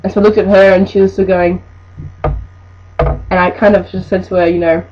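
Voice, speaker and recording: A woman's voice: mid-range voice, little pitch movement, moderate pace, pauses often, a little mellow. An eighteen-year-old woman, telling a work story in a chatty, exasperated, rambling way. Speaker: vlogger. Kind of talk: storytime monologue. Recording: dull lo-fi with faint noise.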